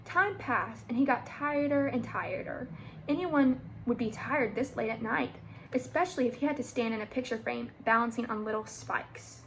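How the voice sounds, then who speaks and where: A young woman reads a children's book aloud in a steady, plain storytelling voice. Her voice is a little high and clearly gravelly, with a faint hiss underneath. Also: moderate pace, rough recording. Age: young adult. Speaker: storybook reader.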